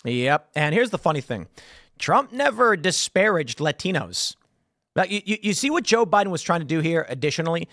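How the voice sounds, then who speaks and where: A man hosts a political commentary show in a high, very lively voice that swings up and down. He riffs with sarcastic asides. The sound is close and dry. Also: normal speed, no echo. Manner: animated, sarcastic, riffing asides. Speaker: host.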